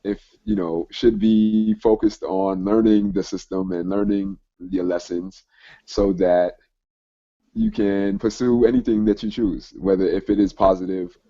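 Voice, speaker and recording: A man hosting a conference call interview, speaking haltingly with many fillers and restarts. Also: low voice. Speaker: host. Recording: muffled call audio.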